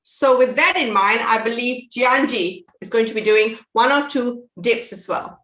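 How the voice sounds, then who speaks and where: Chatty woman cooking host, bright and a bit high, in an echoey kitchen on a video call. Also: normal speed. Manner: chatty, laughs often, self-correcting. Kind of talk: casual cooking demo chat. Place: home kitchen.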